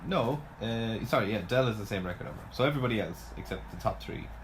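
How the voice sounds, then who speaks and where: A man co-hosting a podcast, blunt and deadpan in casual chat. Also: on the low side, fast, crowd noise, rough recording. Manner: dry, blunt, deadpan put-downs. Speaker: podcast co-host. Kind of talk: casual chat about fantasy sports.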